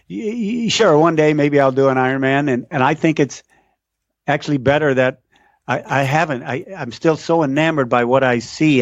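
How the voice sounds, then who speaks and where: A man's voice: medium pitch, dry recording, muffled recording. A man, a guest announcer, telling stories in a casual interview and acting out the people he quotes. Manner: animated storyteller, acts out quoted voices. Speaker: podcast guest, race announcer.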